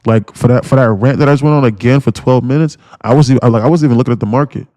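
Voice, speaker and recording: A man's voice: mid-range voice, very fast, dark tone, no echo, clean studio sound. A man livestreaming his day trading, ranting bluntly with lots of swearing and mocking his viewers. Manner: blunt, swearing, mocks viewers in put-on voices. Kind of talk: profane ranting livestream talk.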